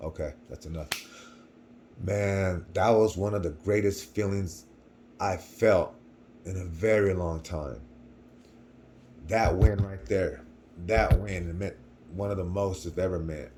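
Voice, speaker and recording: A man's voice: deep voice, slow, slight background noise. Slangy young man telling a story. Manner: animated, slangy, acts out the voices of others, trails off quietly. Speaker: vlogger telling a personal story. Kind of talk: casual storytelling.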